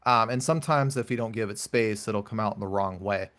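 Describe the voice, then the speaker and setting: Earnest low-voiced man in his thirties. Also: fairly quick, fairly bright tone. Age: 30s. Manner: earnest, reflective, storytelling. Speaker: podcast host. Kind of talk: conversational interview.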